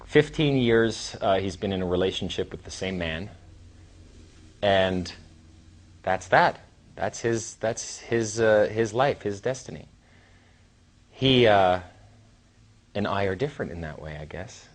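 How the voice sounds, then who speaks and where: A man in his thirties giving a casual, rambling seminar talk as a trainer, with sighs and long pauses. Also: lowish voice, lively intonation. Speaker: dating coach and trainer.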